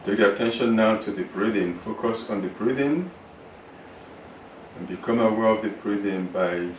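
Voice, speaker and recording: A man with a lowish voice leads a yoga class through a slow body scan and breathing work, soothing and unhurried. He sounds roomy and set back from the mic, with a faint hiss underneath. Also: distant mic. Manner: slow, soothing, drawn-out guidance. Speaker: yoga teacher. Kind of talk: guided relaxation and yoga instruction.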